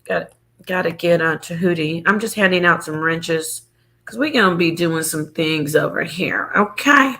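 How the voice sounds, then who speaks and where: A woman hosting a casual livestream, loud and playful, joking with her chat and breaking into sing-song bits. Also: fairly low pitch, normal speed. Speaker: livestream host.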